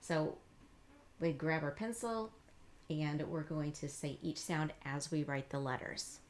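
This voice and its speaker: A woman reading teacher giving a patient, encouraging lesson, slowly modeling letter sounds and explaining each step. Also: low voice, fairly even intonation, a little hiss or hum. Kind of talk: instructional demonstration.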